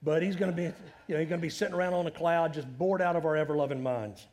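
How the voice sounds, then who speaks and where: Speaking fast in a higher-than-average voice, this middle-aged pastor preaches animatedly and chattily, asking question after rhetorical question.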